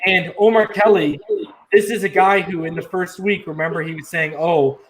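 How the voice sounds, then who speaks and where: A man co-hosting a casual sports podcast, emphatic and slowing down to stress his points. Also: high voice, steady tone, fairly bright tone, rough recording. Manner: emphatic, slows down to drive points home. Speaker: podcast co-host.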